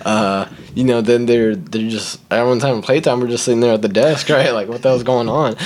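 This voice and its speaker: A young man, a podcast guest, telling a school story in a casual, animated way, acting out the people in it and laughing often. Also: medium pitch, fairly quick, few pauses, slight background noise. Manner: animated, acts out quotes, laughs often, says "like" and "right?".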